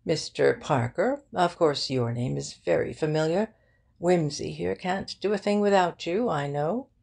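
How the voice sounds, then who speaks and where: A woman voicing a brisk, talkative male barrister who speaks in an effusive, emphatic way. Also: low voice, gravelly, darkish tone, breathy edge, exaggerated voice.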